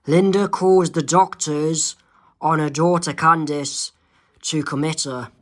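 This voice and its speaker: A man reading his own homemade comic aloud, halting, with many fillers and self-corrections. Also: fairly high pitch, fairly even intonation, fairly bright tone. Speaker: amateur comic creator.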